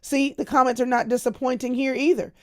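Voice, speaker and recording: A woman's voice: sits high, steady tone, fairly quick, darkish tone. A middle-aged woman speaking as a Christian speaker, chatting casually to camera and telling stories straight to her audience. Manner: chatty storytelling that talks straight to the audience as "y'all". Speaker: Christian speaker sharing a personal update.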